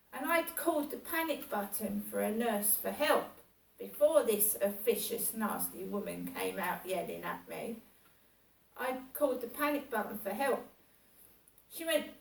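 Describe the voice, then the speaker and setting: A woman venting about how she has been mistreated, repeating herself with a steady grievance. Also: medium pitch, vocal fry. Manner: aggrieved, repetitive, venting. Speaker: vlogger. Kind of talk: personal monologue. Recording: echoey room, far from mic.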